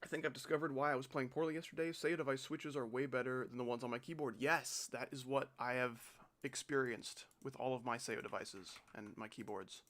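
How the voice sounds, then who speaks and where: A man's voice: mid-range voice, fairly even intonation, fairly quick, hardly any pauses, a bit bright. A young man hosting a live stream, chatting casually and joking with chat and a friend while playing. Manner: joking, giggly, reads out chat.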